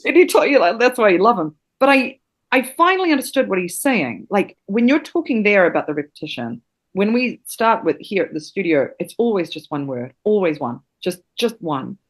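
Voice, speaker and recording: A woman from New Zealand, an acting teacher, telling stories in a casual interview, animated and swearing freely. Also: mid-range voice, moderate pace.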